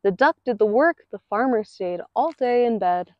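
A woman reading a picture book aloud in an expressive, rhythmic way. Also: fairly high pitch, normal speed, a little hiss or hum. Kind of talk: read-aloud storytelling. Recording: dull lo-fi recording.

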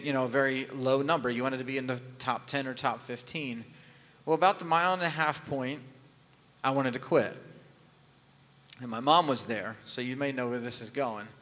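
Preaching in a church sanctuary, a man with a bright, forceful, mid-range voice tells a personal story, candid and conversational with touches of humor. A long hall reverb hangs on his words.

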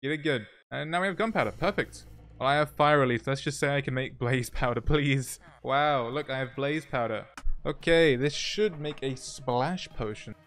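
A young man playing a video game, talking through it with excited, jokey, self-mocking commentary and short narrated asides. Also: medium pitch, moderate pace. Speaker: gaming YouTuber. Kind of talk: playthrough commentary with voice-over narration.

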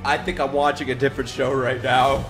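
A young man giving profane, excitable reaction commentary on an anime, breaking into loud laughs and shouts. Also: mid-range voice, brisk, over loud music. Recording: anime soundtrack playing loudly behind.

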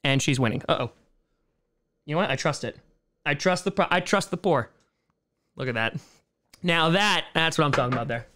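A man in his thirties chats casually on a home live stream, reading viewer comments aloud and riffing on them with sarcastic jokes. His voice sits a little high for a man. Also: expressive, moderate pace, long pauses, bright, forceful tone. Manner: jokey, sarcastic, reads chat aloud and riffs on it.

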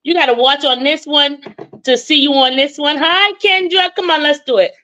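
A woman's voice: sits high, moderate pace, bright, forceful tone, lo-fi sound. A woman in her forties from Boston with a Boston accent, chatting as a caller on a live call-in show in a talkative way. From Boston, Massachusetts. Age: 40s. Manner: chatty, talks over the host, laughs often. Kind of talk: casual call-in chat.

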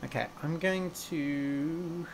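A man's voice: a little high, takes it slowly, vocal fry, noisy background. A young man who teaches English and hosts a podcast. He chats casually with learners on a live stream, gushing and playful, and laughs easily.

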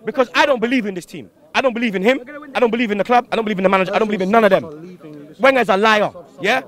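A young man vents after a defeat, his voice pitched very high. He talks in heated bursts, swears freely and keeps throwing questions back at the interviewer. He is recorded outdoors on a city street. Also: rapid-fire, fairly bright tone. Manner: heated, swearing, slang-heavy, rhetorical questions. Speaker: fan interviewee. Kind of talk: angry post-match fan rant.

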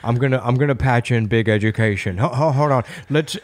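A man voicing a decrepit old foreign billionaire with a slow, low drawl in a comedy podcast bit. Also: no room sound, close to an everyday voice. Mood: scheming.

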